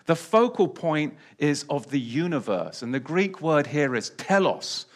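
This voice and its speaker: A man preaching a sermon, repeating key phrases and swinging between loud declarations and quiet asides. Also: on the high side, big pitch swings, unhurried, hardly any pauses.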